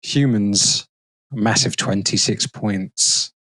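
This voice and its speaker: A man hosting a football podcast, reading out prediction scores in a brisk, teasing way. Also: fairly low pitch, fairly bright tone, no room sound. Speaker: podcast host running the segment. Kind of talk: casual football chat.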